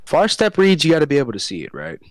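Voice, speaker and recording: A man's voice: fairly high pitch, wildly swooping pitch, fast, background noise. A man running a tabletop game as dungeon master, loose and laughing, swearing casually.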